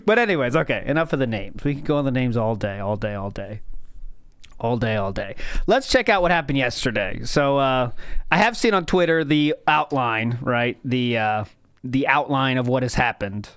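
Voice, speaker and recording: Animated man telling stories on stream. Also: mid-range voice, normal speed, clear, resonant tone, no room sound. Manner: animated storytelling with loud exclamations and laughs. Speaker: streamer host. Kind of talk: casual livestream chat.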